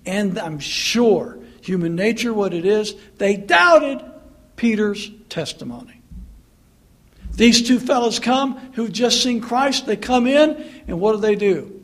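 A man's voice: high voice, animated, slow. A male pastor preaching a sermon in a conversational, earnest way with mocking asides.

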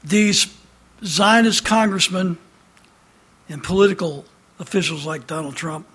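Guy preaching hard, high voice, kinda husky, shouts then goes low and intense. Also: measured pace. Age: has adult son. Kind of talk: fiery sermon.

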